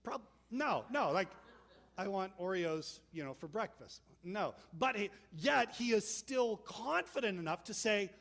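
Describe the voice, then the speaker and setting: High-voiced man preaching conversationally. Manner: conversational, animated storytelling with acted-out quotes. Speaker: pastor. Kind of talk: sermon.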